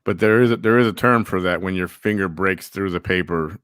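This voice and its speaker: Easygoing male host with a lowish voice. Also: brisk, a bit bright, clear, resonant tone, no room sound, studio quality. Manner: reads chat comments aloud, easygoing. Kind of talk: casual live show chat.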